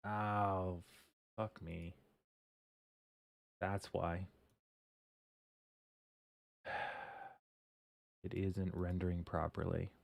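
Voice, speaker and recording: A man with a low voice hosts a relaxed livestream, chatting casually while he codes and reads charts. He speaks extremely slowly with vocal fry and long pauses, muttering to himself and laughing or swearing lightly when he makes mistakes.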